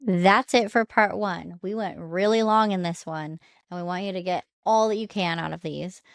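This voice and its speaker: Animated, blunt woman podcast co-host. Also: fairly low pitch, normal speed, creaky. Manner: animated, laughs often, blunt and profane. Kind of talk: casual podcast chat.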